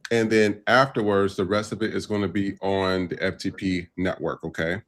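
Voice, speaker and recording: A man's voice: low voice, little pitch movement, normal speed, a bit bright. A man hosting a live podcast panel, talking casually and loosely with many fillers. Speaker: podcast host. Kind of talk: casual live-stream chat.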